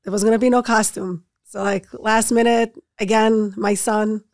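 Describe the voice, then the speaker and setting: A woman speaking as a guest on a podcast, talking casually and turning soft and halting at the painful moments. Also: mid-range voice, flat delivery, no echo, studio quality. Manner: soft-spoken, halting when speaking of grief. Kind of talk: casual interview conversation.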